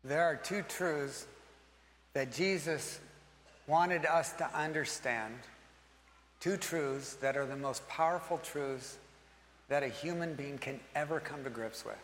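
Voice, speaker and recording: A man leading communion as a pastor, speaking earnestly and rising in pitch and force as he voices a listener's prayers. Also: slow, a bit bright. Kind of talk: communion sermon. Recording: long hall reverb, faint ambience.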